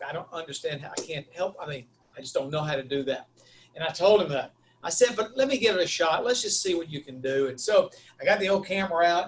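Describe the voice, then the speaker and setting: A university instructor speaking as a webinar guest, telling a story with animated, acted-out dialogue. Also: male voice, on the high side. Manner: animated, acts out dialogue in a raised voice. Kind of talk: storytelling talk.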